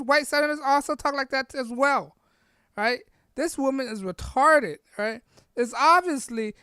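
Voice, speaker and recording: A woman's voice: fairly high pitch, a bit bright, dry recording, studio quality. A woman hosting a podcast, delivering a blunt, rambling political rant, capping nearly every point with "right?" or "all right?". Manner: blunt and combative, repeats herself. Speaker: podcast host. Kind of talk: opinionated political rant monologue.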